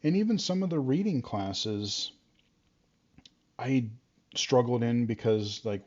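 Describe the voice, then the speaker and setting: A man's voice: medium pitch, sing-song, moderate pace, a little mellow, breathy edge. A man telling stories from school in a casual, rambling way, full of fillers and restarts. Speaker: vlogger. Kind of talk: casual storytelling. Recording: dull lo-fi sound.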